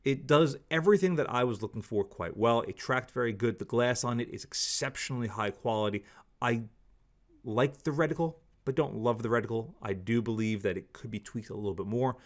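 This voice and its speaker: A man's voice: mid-range voice, a little fast. A man giving a candid, opinionated product review, talking casually and repeating stock phrases. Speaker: scope reviewer.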